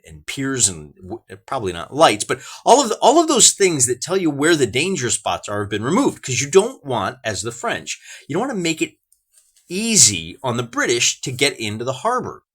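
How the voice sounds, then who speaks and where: A man's voice: mid-range voice, a bit bright, breathy edge. An American man hosting a wargaming show, chatting casually through the game with folksy asides and restarts. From United States. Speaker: wargaming channel host.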